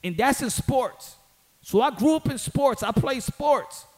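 A man's voice: very high voice, animated, a little slow. A man giving casual solo boxing commentary in an emphatic, slangy way, repeating phrases for stress and rising to heated outbursts.

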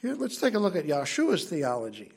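With a wildly swooping pitch and a brisk pace, the preacher's high, husky, slightly mellow voice carries his earnest sermon. He stays conversational, plain, and direct, stressing the main points.

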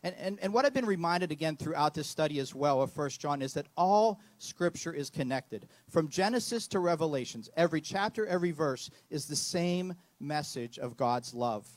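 Middle-aged male pastor, slightly high voice, earnest sermon delivery, dry close sound. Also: lively intonation, normal speed, few pauses, dry recording. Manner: earnest storytelling with repeated words.

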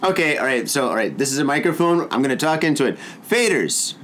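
A man's voice: on the high side, sing-song, quick pace, a bit bright, slight background noise. Teasing male podcast co-host. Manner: teasing, skeptical, laughs often. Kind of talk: casual banter.

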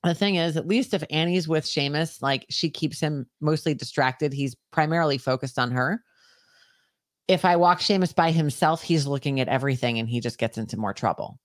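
A woman co-hosting a podcast who tells stories in a loose, animated way and swears freely. She raises her voice when she acts out the scene. The recording is dry and close. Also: low voice, moderate pace, dry recording. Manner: animated storytelling, heavy swearing, shouts when acting out scenes. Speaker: podcast co-host. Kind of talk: casual chat.

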